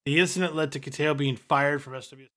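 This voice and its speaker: Bright-voiced man reading wrestling notes. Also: a little high, steady tone, quick pace. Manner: reads history aloud. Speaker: podcast co-host. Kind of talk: casual chat, reading notes.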